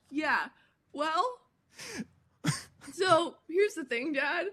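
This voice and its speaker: Bright high-voiced young woman. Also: extremely slow, long pauses. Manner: animated storytelling with filler words. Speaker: podcast co-host, daughter. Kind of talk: casual chat.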